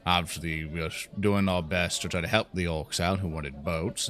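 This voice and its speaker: A man's voice: low-pitched, moderate pace, few pauses, a bit bright. A man playing a tabletop game, cracking jokes and laughing between lines. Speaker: player. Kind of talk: in-character tabletop play.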